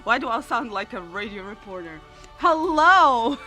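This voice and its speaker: A woman streaming live, chatting casually with viewers in an excitable way, repeating words and laughing often. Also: medium pitch, fairly quick, soft background music. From Australia.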